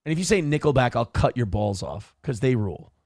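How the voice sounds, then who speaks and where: A man's voice: medium pitch, animated, fairly quick, darkish tone, no echo, clean studio sound. A man hosting a morning show, telling stories casually and profanely, with acted-out quotes. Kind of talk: casual chat. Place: home studio.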